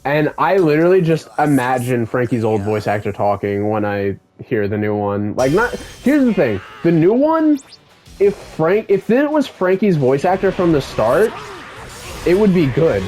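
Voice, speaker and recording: A young man giving casual gameplay commentary, excitable and swearing freely as an enthusiastic fan. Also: mid-range voice, unhurried. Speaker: gaming YouTuber.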